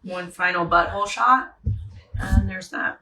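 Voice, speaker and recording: A woman chatting in a studio, slow and soothing as she praises a dog. Her pitch is middling for a woman. A faint hiss runs under the recording. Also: sharp tone, rough recording. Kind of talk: casual chat.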